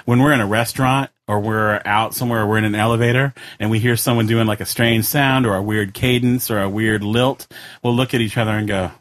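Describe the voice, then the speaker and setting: A man from Texas, a guest voice actor, chatting casually and telling animated stories. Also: fairly low pitch, fairly quick. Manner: talkative, animated storyteller. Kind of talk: casual chat.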